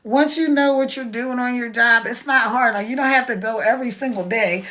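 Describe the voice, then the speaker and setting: An American woman talking casually to viewers on a live stream, chatty and persuasive as she pitches her online business program into a phone. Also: fairly quick, fairly bright tone. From United States.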